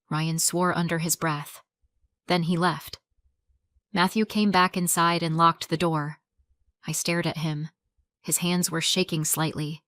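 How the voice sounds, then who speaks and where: A woman narrating a story in a calm, measured storytelling voice. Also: deep voice, no echo.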